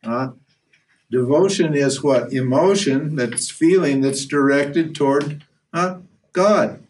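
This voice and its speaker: A man's voice: a little high, slow pace, darkish tone, far from the mic. A man giving a spiritual lecture as a Vedanta teacher, blunt and earthy, firing rhetorical questions and restarting his sentences.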